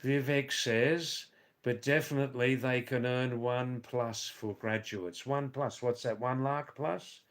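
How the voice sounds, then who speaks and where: A man hosts a live stream and reads viewers' comments aloud. He talks at an unhurried, drawn-out pace and rambles between replies. His voice sits at a middle pitch, and he tends to tease his viewers with dry asides. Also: fairly even intonation. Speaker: live stream host reading chat. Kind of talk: casual live stream chat. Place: Nepal or India.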